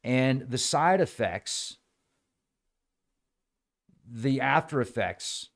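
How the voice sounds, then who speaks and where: A man hosting a casual livestream, talking in an animated way and acting out other people's voices now and then. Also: mid-range voice, drawn-out words, gravelly. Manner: animated, acts out quoted voices. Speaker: host.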